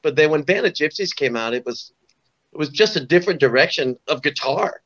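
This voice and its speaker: Brief: man in his sixties, guest storyteller, rambling and chatty, slightly high voice, dull lo-fi sound. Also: lively intonation, a little fast, fairly bright tone. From Orange County, California. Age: 60s. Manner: rambling, full of "you know" and restarts. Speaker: guest musician. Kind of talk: casual storytelling interview.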